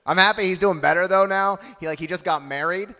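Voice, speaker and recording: A man's voice: sits high, fairly quick, pushed and bright, big-room sound, a little hiss or hum. A man in his thirties doing a punchy, self-mocking stand-up comedy set on a club stage. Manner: punchy, self-mocking delivery with acted-out quotes.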